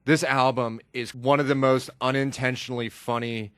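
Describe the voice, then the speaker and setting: A man co-hosting a casual podcast, telling loose stories and breaking into loud mocking impressions. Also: medium pitch, level tone, normal speed, smooth, no echo, studio quality. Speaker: podcast co-host. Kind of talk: casual chat.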